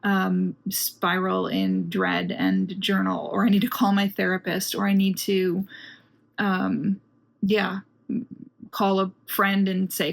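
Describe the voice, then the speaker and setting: A woman talking earnestly in a casual reflective vlog at home, unhurried and searching for her words. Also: mid-range voice, fairly even intonation, creaky. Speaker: vlogger. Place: home apartment.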